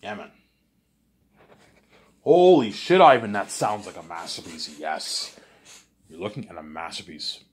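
A man telling a rambling imagined story in casual monologue, repeating filler phrases and swinging into loud excited bursts. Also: deep voice, unhurried, pauses often. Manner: rambling, repeats "he's like" and "you know what I'm saying".

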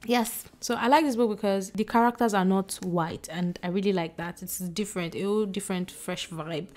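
A woman's voice: mid-range voice, fairly quick, hardly any pauses. Chatty woman reviewing books. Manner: chatty, excitable, gushing. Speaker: book vlogger. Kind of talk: casual book review chat.

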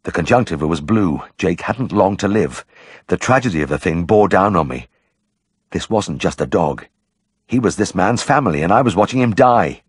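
A man narrating an audiobook in a measured, storytelling way. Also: low voice, animated, slightly rough, dry recording, studio quality.

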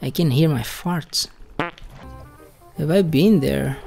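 A woman gamer giving excitable let's play commentary, swearing a lot, shrieking at surprises and talking to the enemies on screen. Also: deep voice, takes it slowly, vocal fry, husky, soft background music.

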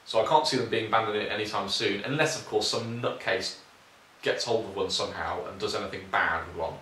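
A man's voice: fairly low pitch, a little fast, pushed and bright, recorded from a distance. A British man casually answering viewer questions on his shooting channel, rambling with lots of ums and informal asides. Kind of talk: casual Q&A chat. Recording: roomy, off-mic, faint hiss.

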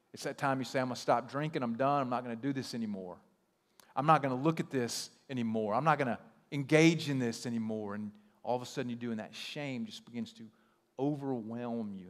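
A male pastor giving a conversational sermon, telling stories with a joking, animated manner in a church sanctuary. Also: mid-range voice, big-room sound. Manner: conversational, animated storytelling with self-deprecating humor.

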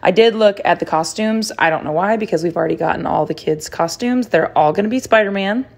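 A woman's voice: on the low side, fairly quick, vocal fry, darkish tone. A young woman vlogging casually, chatting in a rambling, candid way as she runs weekend errands. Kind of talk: casual vlog chat. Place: parking lot, then store.

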